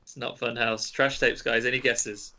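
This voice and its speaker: Bright-voiced playful quizmaster. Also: male voice, medium pitch, little pitch movement, normal speed, lo-fi sound. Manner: playful, teasing. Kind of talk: casual podcast quiz.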